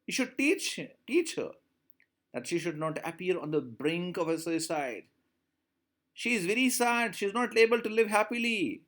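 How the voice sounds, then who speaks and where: A man's voice: high voice, normal speed, a bit bright. A man teaching in Indian English, explaining a short story to students, repeating lines and asking questions. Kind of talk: classroom lesson explaining a story.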